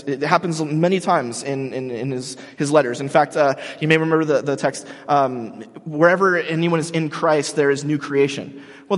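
A man preaching a sermon in a casual, joking, storytelling way, as the pastor of the congregation. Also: fairly high pitch. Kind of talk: conversational sermon. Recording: long hall reverb.

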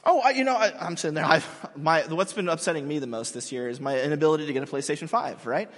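A man's voice: on the high side, fast talker, a bit bright. A man in his thirties, a pastor giving a sermon in a large hall, talking in a casual, self-mocking, conversational way.

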